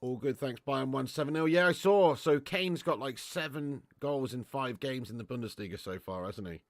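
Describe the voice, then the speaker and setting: A man's voice: mid-range voice, moderate pace, no room sound, clean studio sound. A man hosting a football watch-along stream, chatting casually and reading out fan messages with slang and swearing. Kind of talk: live stream chat reading super chats.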